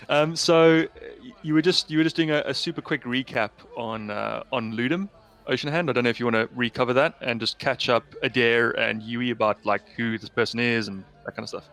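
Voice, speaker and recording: A man's voice: mid-range voice, brisk, a bit bright. A man running a tabletop game as game master, narrating in a loose, chatty way over a call. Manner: loose, chatty, with many fillers and repeats.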